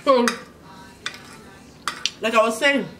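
A woman's voice: fairly high pitch, fairly even intonation. A woman from Nigeria with a Nigerian English accent, hosting a casual mukbang, telling a story while eating and humming over her food. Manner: chatty and storytelling, pausing to eat with hums of enjoyment. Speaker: vlogger, host of the channel. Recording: slightly distant mic with faint background noise.

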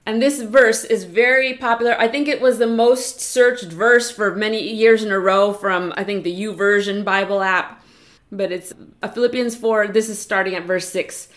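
A woman preaching a chapel message, earnest and encouraging, slowing down to read scripture aloud. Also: medium pitch, fairly even intonation, a bit bright. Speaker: chapel speaker. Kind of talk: sermon.

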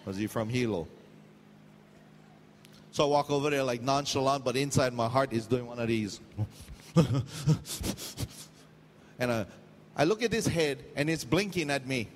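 A man's voice: mid-range voice, lively intonation, a little slow, pauses often, long reverb tail, a little hiss or hum. A middle-aged man from Hawaii with a Hawaiian accent, preaching a sermon, telling stories with jokes and slipping into pidgin. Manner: storytelling, jokey, loose pidgin asides. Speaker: pastor.

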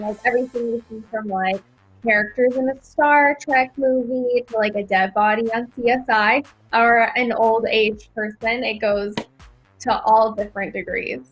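A young woman, a makeup artist guest, answering interview questions in a relaxed, chatty way. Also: on the high side, slightly rough. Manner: relaxed, chatty, says "like" often.

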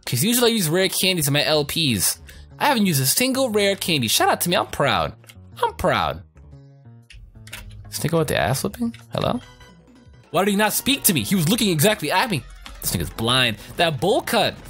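A young man giving casual, profane commentary over his gameplay, joking, rambling and reacting loudly to what happens on screen. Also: high voice, wildly swooping pitch, a little fast. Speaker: let's play gamer. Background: faint game music.

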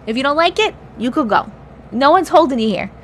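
A woman hosting a livestream, reading viewers' stories aloud with feeling, pausing to react and teasing her chat bluntly. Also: high-pitched, animated, slight background noise.

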